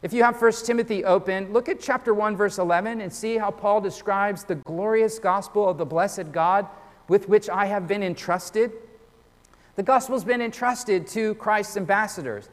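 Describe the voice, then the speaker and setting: A man delivers a sermon with an earnest, pressing manner, often stumbling over his openings before pushing on. His voice sits noticeably high for a man. The sound carries a long, lingering reverb of a large church hall. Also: moderate pace. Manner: earnest, repeats words when starting sentences. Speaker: pastor.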